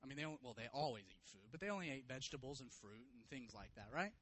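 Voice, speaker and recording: A man preaching a sermon, retelling a story vividly and swinging from hushed to loud, emphatic passages. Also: mid-range voice, lively intonation, quick pace, hardly any pauses, no room sound, rough recording. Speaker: pastor.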